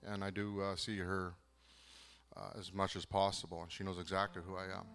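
A man from southern Manitoba gives a personal faith testimony, earnest and halting, with many pauses and restarts. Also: low voice, little pitch movement, long reverb tail, music in the background. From southern Manitoba, Canada. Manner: earnest, moved. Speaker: program participant giving testimony.

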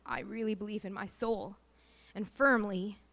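A woman's voice: medium pitch, steady tone, moderate pace, fairly bright tone. A woman in her thirties, a mother telling her family's story as a personal faith testimony, in an earnest and emotional way.

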